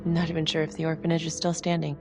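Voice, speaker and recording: A woman's voice: sits low, monotone, quick pace, music in the background. An actress playing a tough female detective in a video game cutscene, dry, clipped and sarcastic. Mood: skeptical. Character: tough sardonic female detective, blunt and skeptical. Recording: game score playing underneath.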